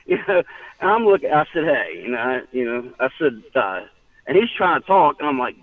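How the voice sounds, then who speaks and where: A man's voice: fairly high pitch, lively intonation, quick pace, dry recording, distant mic. A man calling in to tell a story in casual chat, rambling with restarts and laughing often. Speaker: caller. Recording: tinny phone line.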